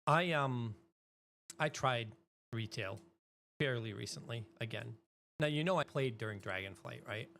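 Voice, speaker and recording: A middle-aged woman streaming live, chatting casually and breaking into loud exclamations. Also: rumbling low, measured pace, pauses often, a little hiss or hum.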